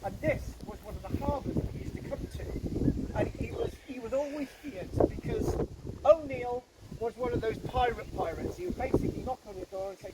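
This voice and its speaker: A man's voice: very high-pitched, fairly quick, very noisy. A man guiding a ghost walk, telling a local legend to a group in a chatty way that keeps checking in with the listeners. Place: outdoors on a walking tour.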